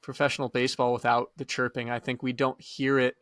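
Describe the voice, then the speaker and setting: Male podcast co-host, relaxed opinions, dry close recording. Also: medium pitch, no echo. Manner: laid-back, drawn-out opinions with fillers. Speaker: podcast co-host and high school coach. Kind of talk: casual sports chat.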